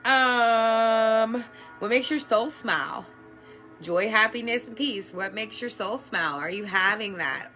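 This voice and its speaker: A woman's voice: on the high side, takes it slowly, sharp tone, soft background music. A woman who works as an energy worker and coach, talking earnestly and chattily to her viewers, swearing casually and laughing often. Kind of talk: casual motivational talk to camera.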